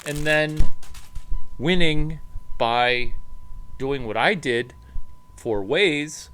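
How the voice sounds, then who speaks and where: A man giving an animated talk about startups, emphatic and punchy, jumping up in pitch to stress points. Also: very slow, slight background noise. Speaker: startup advisor. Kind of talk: animated monologue to camera.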